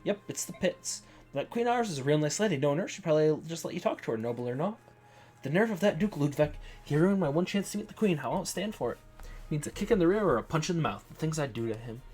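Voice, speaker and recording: A man's voice: fairly high pitch, animated, quick pace, a little mellow, husky, faint music behind. A man voicing a folksy young farm girl soldier from a video game, in a rural drawl.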